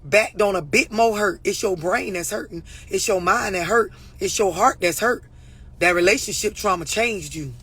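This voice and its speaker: Blunt, husky-voiced woman coach. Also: medium pitch, moderate pace, fairly bright tone. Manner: blunt, profane, preachy, addressing viewers directly. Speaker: relationship and mental health coach. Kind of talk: unscripted talk to camera.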